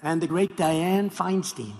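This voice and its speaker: A man's voice: a little high, slow, gravelly. A man giving a rally speech, rambling, repetitive and mocking, into a podium mic in a large hall. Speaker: political speaker at a rally. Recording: long hall reverb, faint background noise.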